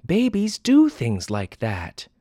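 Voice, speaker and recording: A man voicing a stern, exasperated young mother who scolds her son in a high, emphatic voice. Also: wildly swooping pitch, slow pace, warm tone, dry recording, clean studio sound, exaggerated voice. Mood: scolding.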